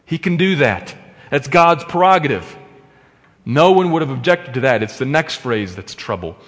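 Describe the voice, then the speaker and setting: A man preaching a sermon as pastor, swinging between loud emphatic stresses and hushed, quiet asides. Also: medium pitch, expressive, normal speed, long reverb tail.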